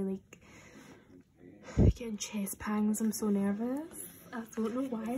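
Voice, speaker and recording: A young adult woman vlogger with a medium-pitched voice chats casually and excitedly through an unboxing. She sounds nervous and swears freely.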